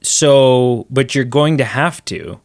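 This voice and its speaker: A man co-hosts a podcast, talking through movies in a loose, excited ramble full of restarts. His voice sits at a middle pitch. The sound is dry and close. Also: slow, no room sound. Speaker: podcast co-host. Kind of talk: casual movie chat.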